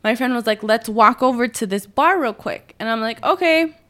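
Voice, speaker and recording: A young woman co-hosting a casual podcast, spinning a messy night-out story. She talks in slang and swears freely, sitting a little high in pitch and leaping up and down as she mimics herself and her friends. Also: moderate pace. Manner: animated storytelling, heavy swearing and slang, acts out quotes. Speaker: podcast co-host. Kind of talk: casual chat.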